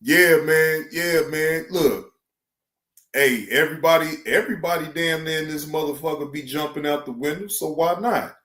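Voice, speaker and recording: A man chats on a live stream at a moderate pace, his voice carrying a roomy sound. He's loose, animated, profane, and slangy, mimicking others in a high voice.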